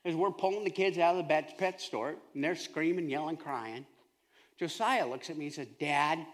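A man preaching a sermon, telling a humorous family story in a lively, conversational way. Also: a little high, moderate pace. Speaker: pastor.

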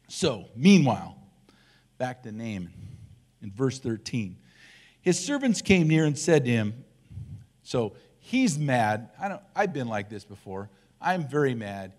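An older man, a church elder, giving a relaxed conversational sermon and acting out the voices of the people in his story. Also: medium pitch, measured pace.

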